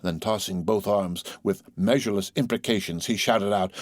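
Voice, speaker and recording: A man reading a classic novel aloud as an audiobook narrator, in measured storytelling. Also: fairly low pitch, no echo, clean studio sound. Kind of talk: scripted narration.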